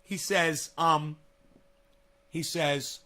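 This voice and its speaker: Guy rambling to camera at home, high-ish voice, swears a lot, all fired up. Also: drawn-out words. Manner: animated, profane, excitable storytelling. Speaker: vlogger. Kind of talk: casual rambling monologue. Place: at home, near a kitchen.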